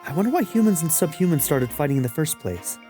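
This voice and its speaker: A man's voice: on the high side, big pitch swings, fast, dark tone, faint music behind. A man voicing an earnest young female soldier in a video game let's play, asking searching questions.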